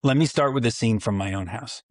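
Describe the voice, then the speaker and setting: A man's voice: mid-range voice, fairly quick, dry recording, clean studio sound. A man in his forties hosting a solo parenting podcast, earnest and reflective, with self-mocking asides. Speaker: podcast host for fathers.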